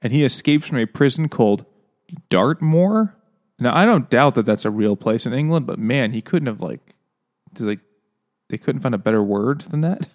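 A man's voice: medium pitch, lively intonation, normal speed. Male podcast co-host, mid-range voice, sarcastic riffing. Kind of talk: casual chat.

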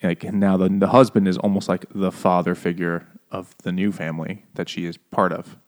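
A man with a somewhat low voice talks through ideas in a casual book chat. He is wry and thoughtful, pausing to restate his points. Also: flat delivery. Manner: thoughtful, wry, with small laughs. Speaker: podcast co-host.

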